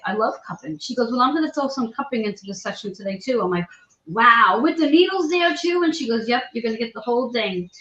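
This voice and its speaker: Animated woman telling a story, roomy sound. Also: a little high, muffled recording. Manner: animated storyteller, acts out quoted voices. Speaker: host. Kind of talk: casual chat.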